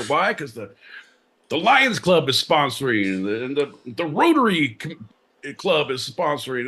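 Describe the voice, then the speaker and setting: A man's voice: on the high side, very animated, normal speed, sharp tone. A man co-hosting a live comedy podcast, ranting in a profane, theatrical way with mock-Shakespearean flourishes. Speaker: podcast co-host. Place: live show venue.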